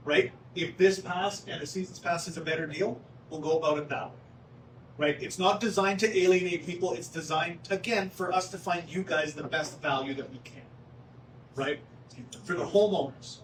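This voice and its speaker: A man's voice: high-pitched, a bit bright. A man running a golf club town hall meeting, explaining prices casually and joking with the crowd, often adding "right?". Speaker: golf course manager presenting at a town hall. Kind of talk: town hall presentation with questions. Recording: roomy, distant mic with faint background noise.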